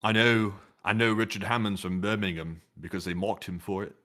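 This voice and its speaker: A man's voice: lowish voice, fairly quick, pushed and bright. A man co-hosting a channel, dropping dry joking asides into casual chat. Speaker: co-host of a news commentary channel.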